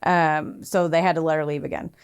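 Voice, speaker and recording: A woman's voice: low-pitched, level tone, fairly quick, clean tone. A young adult woman co-hosting a podcast, telling a true crime story in casual chat, acting out quotes in raised voices and swearing freely.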